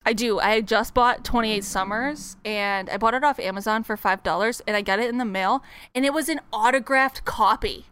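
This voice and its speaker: A young woman co-hosting a podcast, chatting casually and excitedly about books she has read. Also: fairly high pitch, slight background noise. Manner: bubbly, chatty, quick laughs. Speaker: podcast co-host. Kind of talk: casual book chat.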